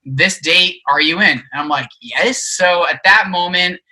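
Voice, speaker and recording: A young man with a very bright, forward voice, talking casually as a podcast guest. He tells his stories in an animated way, slipping into the voices of the people he quotes and filling pauses with "like" and "um.". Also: high-pitched, poor audio. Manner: animated storyteller, acts out quoted voices, many fillers. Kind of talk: casual chat, storytelling.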